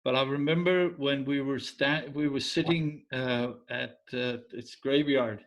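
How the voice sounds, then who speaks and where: A man tells an old folk tale in an easygoing, conversational way. He pauses now and then to hunt for a word and lets some remarks trail off quietly. His voice sits at an ordinary middle pitch. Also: poor audio. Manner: relaxed, searching for words, drifting into quiet asides. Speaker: storyteller. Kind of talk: casual oral storytelling.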